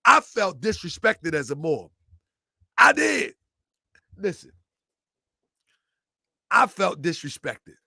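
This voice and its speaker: A man's voice: high voice, slow, gravelly, pauses often, husky, no echo, studio quality. A middle-aged man hosting a show, talking in casual, rambling commentary that keeps circling back and repeating itself. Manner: animated, rambling, repeats himself, bursts of laughter. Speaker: show host.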